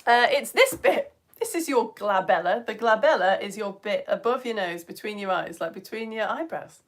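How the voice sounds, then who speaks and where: An excitable, chatty woman from the United Kingdom hosts a live science show for children, talking straight to her viewers. Her voice sits at a medium pitch. She is recorded on a phone camera indoors at home. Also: normal speed, background noise. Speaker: science presenter.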